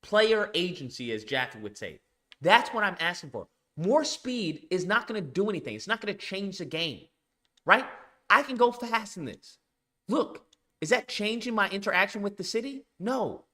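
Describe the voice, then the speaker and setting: Male streamer host, animated casual rant, cursing and hammering points, tense bright tone. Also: sits high, normal speed. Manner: emphatic, repetitive, swears often.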